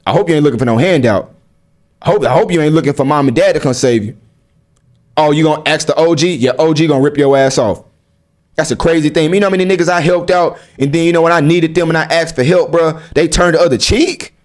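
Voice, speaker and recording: A man's voice: fairly high pitch, fast. A young man giving blunt, slang-heavy life advice straight to his viewers, firing rhetorical questions at them. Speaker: vlogger. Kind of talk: casual advice monologue to camera.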